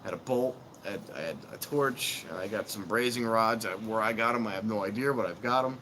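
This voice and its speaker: A man's voice: lowish voice, a little fast, pushed and bright, a little hiss or hum. A middle-aged man chatting casually on a live stream, telling rambling, self-mocking stories outdoors.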